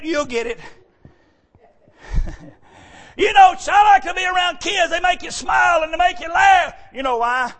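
Man preaching folksy jokes from the pulpit, animated, breaks into shouts, high-pitched. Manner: animated, often shouting, joking. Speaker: church speaker. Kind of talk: folksy joking sermon.

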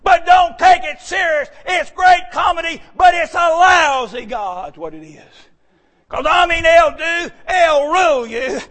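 A man's voice: very high-pitched, a little slow. A male pastor, preaching a sermon in an emphatic, folksy way. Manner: emphatic, folksy, bursts into shouting.

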